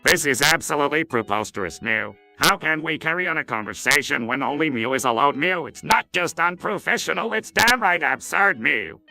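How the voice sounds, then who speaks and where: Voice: medium pitch, animated, fairly quick, vocal fry, few pauses, pushed and bright, faint music behind. A synthetic male voice imitating a grumpy, condescending cartoon squid. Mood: irritated. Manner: irritated and condescending.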